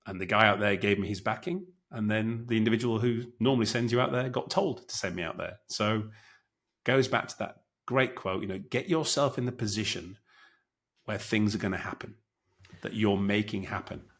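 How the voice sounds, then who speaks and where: A man with a low voice, talking through his experiences in an easygoing podcast chat. He tells stories with lively acted-out quotes and a steady, conversational flow. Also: normal speed. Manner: animated anecdotes with acted quotes. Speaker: guest co-host, former military officer.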